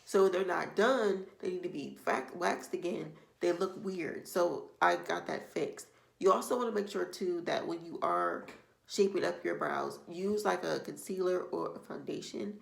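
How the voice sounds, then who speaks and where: A woman's voice: lowish voice, moderate pace, vocal fry. A woman beauty vlogger giving casual makeup tips to the camera, chatty and meandering, often circling back with "like I said". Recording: echoey room.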